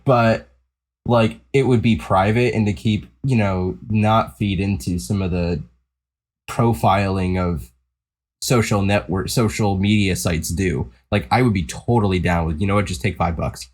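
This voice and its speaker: A man co-hosting a casual gaming podcast, rambling with frequent restarts and trailing off quieter at the ends of thoughts. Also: lowish voice, a little slow. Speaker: podcast co-host. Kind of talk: casual chat.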